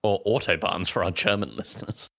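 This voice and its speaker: A man's voice: sits low, fairly quick, vocal fry, a bit bright. A man co-hosting a podcast, explaining game details and cracking wry jokes. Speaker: podcast co-host and editor. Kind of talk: casual banter.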